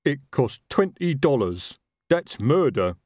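A man voicing a slow-witted, chatty male troll worker with a rambling, working-class manner. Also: mid-range voice, sing-song, a little mellow, dry recording, clean studio sound, pitched above the performer's own voice.

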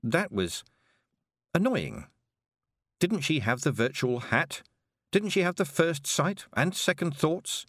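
A man narrating an audiobook in an expressive storytelling manner. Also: on the high side, slow pace, pauses often, dry recording, clean studio sound.

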